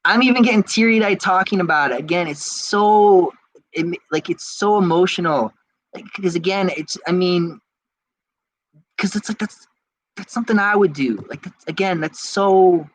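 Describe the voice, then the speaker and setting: A man hosting a podcast, reading out viewer comments in casual chat and answering them in an excitable, rambling way. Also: sits high, normal speed, rough recording. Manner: excitable and rambling, with frequent restarts. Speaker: podcast host.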